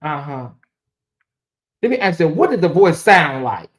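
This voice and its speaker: A woman host talking on her own commentary stream in a loose, casual way. She drops into low murmurs, then rises into loud, emphatic outbursts. She repeats herself often, as if thinking out loud to her viewers. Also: measured pace. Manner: animated, repeats questions, swings from muttering to exclaiming.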